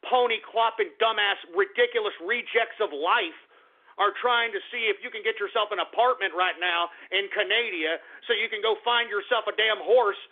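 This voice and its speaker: A man's voice: sits high, moderate pace. A man hosting a talk radio show, delivering an angry, profane, sarcastic monologue and often repeating himself. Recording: tinny phone-like radio audio.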